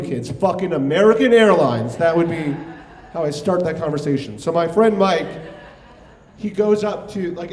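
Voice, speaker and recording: A man's voice: fairly high pitch, darkish tone, slight background noise. A young man from New York telling a wry, conversational story on stage, swearing freely. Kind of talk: live comedic storytelling. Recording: echoey hall recording.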